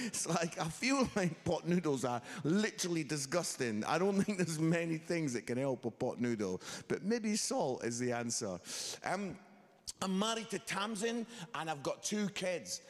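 A preacher in a large hall tells comic stories and slips into the voices of the people in them. His pitch sits high for a man and swings widely. A long reverb hangs on every line. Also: big pitch swings, moderate pace. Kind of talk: sermon with comic storytelling.

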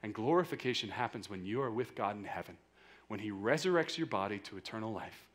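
A man in his thirties giving a conversational, earnest youth sermon, often saying "like" and swinging between quiet, intimate lines and loud, emphatic bursts. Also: on the low side, animated, fast. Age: 30s. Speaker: youth pastor.

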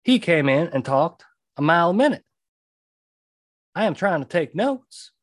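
Slightly high-voiced and very animated, a podcast host and jury consultant delivers blunt advice in an emphatic, conversational monologue. He drives home his main points through repetition and often checks in with a quick "okay," and the sound is close and dry with no room around it.

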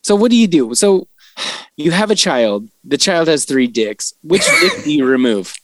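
A man's voice: a little high, big pitch swings, normal speed, dry recording. A young man co-hosting a late-night podcast, giggling as he reads odd news aloud. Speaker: podcast co-host.

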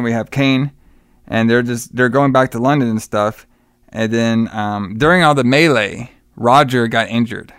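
Smooth and mid-pitched, this man casually retells a movie's plot for his podcast, cursing liberally, wandering a bit, and performing the characters' dialogue. The sound is studio-clean and completely dry.

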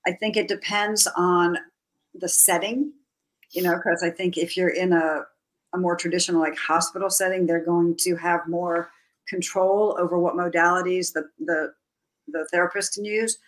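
A woman guest with a lower voice talks through a story in a gentle, reflective way. Her speech is relaxed and conversational, with frequent fillers. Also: normal speed, low-quality recording. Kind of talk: casual interview chat.

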